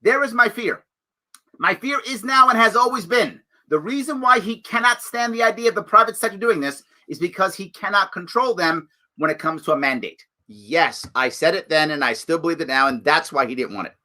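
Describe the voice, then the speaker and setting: A man hosting his own political commentary livestream, talking in a sarcastic, animated, mocking way. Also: high-pitched, a little fast. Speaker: show host.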